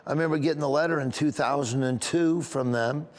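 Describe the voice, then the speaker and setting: A man's voice: a little high, brisk. A comedian being interviewed, telling a story earnestly. He rambles and restarts often, and he openly gets emotional. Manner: rambling delivery with frequent restarts.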